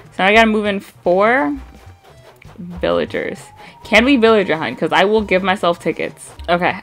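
A young woman from the American Midwest, chatting casually with vocal fry and wry asides while she plays a game. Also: on the low side, a bit bright. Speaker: gaming YouTuber.

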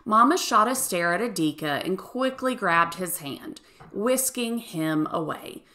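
A woman teacher reading a children's picture book aloud in an expressive storytelling manner. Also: mid-range voice, a little slow. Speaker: third grade teacher.

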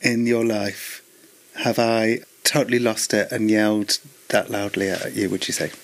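A man's voice: lowish voice, flat delivery, a little slow. A middle-aged man presenting a radio programme, curious and reading out diagnostic criteria. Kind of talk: interviewing.

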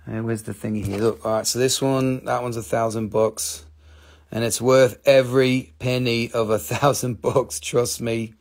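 Man, mid-Atlantic American accent, gravelly, upbeat live-stream seller patter, phone mic. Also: medium pitch, flat delivery, normal speed. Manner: chatty, upbeat salesman patter, repeats words. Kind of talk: casual live sales stream. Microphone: phone held in hand.

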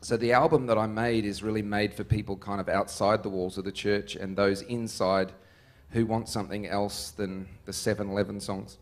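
A man, a musician being interviewed. He tells stories in an animated, joking way and laughs often. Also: fairly low pitch, normal speed, hardly any pauses. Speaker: musician guest. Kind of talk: casual interview storytelling.

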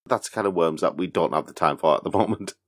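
A man's voice: low-pitched, fast, fairly bright tone. A man co-hosting a casual podcast, playful and mock-dramatic. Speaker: podcast producer and co-host. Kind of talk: casual chat.

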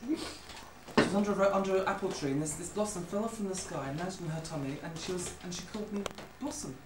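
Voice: medium pitch, very fast, reverberant, distant mic, heavy background noise. A speaker telling jokes at home and acting out the characters. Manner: animated storyteller who acts out the characters. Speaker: joke teller.

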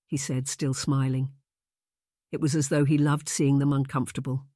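A male audiobook narrator with a mid-range voice reads a historical romance in scripted narration, keeping his delivery measured and even. The recording is dry and of studio quality.

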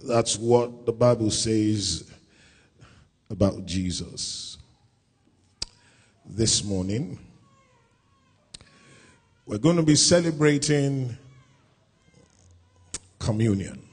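Slow, husky-voiced preaching man. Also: on the low side. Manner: deliberate preaching that swells to loud emphatic scripture reading. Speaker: pastor. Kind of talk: sermon. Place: church service.

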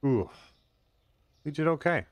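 A man's voice: a little high, expressive, takes it slowly, no room sound. A man casually commenting on his own gameplay on a live stream, chatting with viewers and making sarcastic asides.

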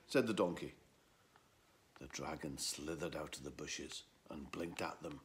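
A man reading a children's story aloud in an expressive, lively way. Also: deep voice, unhurried, slight background noise.

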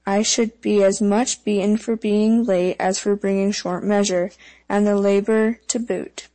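A woman's voice: mid-range voice, fairly even intonation, measured pace, mellow, no room sound, close to an everyday voice, rough recording. A woman voicing a strong, put-upon young peasant girl who complains plaintively in a storybook reading. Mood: distressed.

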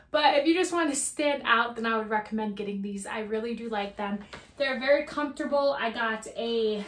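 A woman in a casual vlog, chatting excitedly and giggling, with fillers in nearly every sentence and a slightly breathless edge. Her voice sits a little high. The recording has the roomy echo of a bare indoor space. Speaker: fashion vlogger. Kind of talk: casual product review. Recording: echoey indoor room.

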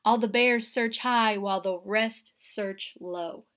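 Reading a picture book to a group of little kids, this kindergarten teacher takes her time, her medium-pitched voice expressive throughout. She quiets to a hush when the story turns scary and keeps asking the children questions.

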